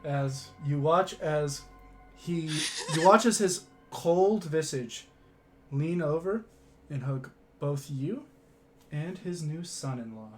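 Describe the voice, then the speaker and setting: Slow-talking man narrating a game. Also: fairly high pitch, lively intonation, loud music behind the voice. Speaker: game master.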